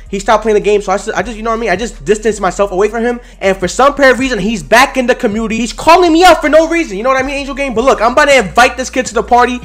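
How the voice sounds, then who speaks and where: Young male gaming host, quick repetitive hype chatter, higher register, headset sound. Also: a bit bright. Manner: fast, repetitive hype talk. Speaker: gaming YouTuber. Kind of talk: trash-talking gameplay commentary.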